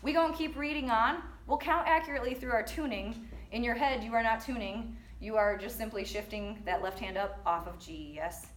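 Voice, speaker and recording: A woman's voice: a little high, fairly quick, echoey room. A woman teaching a percussion lesson, counting and singing rhythms aloud in an upbeat, breezy way.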